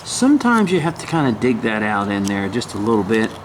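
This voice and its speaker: A man's voice: fairly low pitch, wildly swooping pitch, brisk, background noise. A man giving a casual step-by-step woodcarving lesson, folksy and chatty, humming to himself as he works. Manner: folksy, hums and mutters while working. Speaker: woodcarving instructor.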